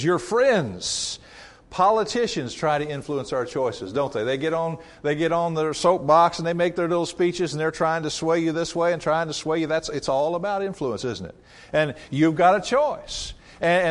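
A man preaching a sermon in a conversational way, asking rhetorical questions and rising and dropping his voice for emphasis. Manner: varies pitch and loudness widely for emphasis.

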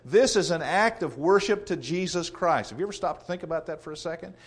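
A man preaching a sermon in an earnest, measured way, repeating phrases for emphasis. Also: on the high side, breathy edge.

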